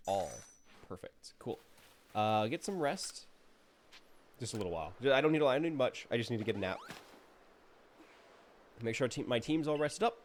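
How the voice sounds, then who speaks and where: A man's voice: mid-range voice, slight background noise. Joking man streaming a game. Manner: chatty, joking, talks to the game characters. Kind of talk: casual gameplay commentary.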